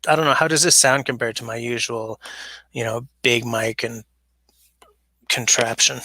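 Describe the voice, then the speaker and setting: A man hosts a casual livestream from his basement, rambling and chatting as he reads viewer comments aloud. He uses a smaller mic than usual, and his mid-range, moderately paced voice sounds pushed and bright with no room sound.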